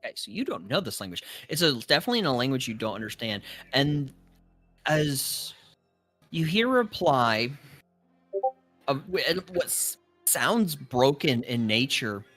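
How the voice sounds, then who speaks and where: A man running a tabletop game as dungeon master, narrating in a relaxed, hesitant way with restarts. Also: mid-range voice, unhurried, soft background music.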